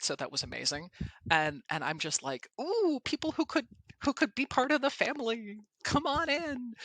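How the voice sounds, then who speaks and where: A woman hosting a casual podcast chat, telling animated stories and acting out the voices of people she quotes. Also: sits low, no echo. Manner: animated storyteller who acts out quotes. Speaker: podcast host and presentation coach.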